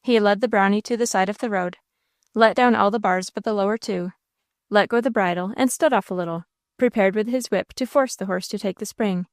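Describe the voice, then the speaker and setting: Woman reading an old novel aloud, steady and expressive, middle pitch, dry close mic. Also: a little fast, no room sound. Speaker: audiobook narrator. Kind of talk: scripted narration.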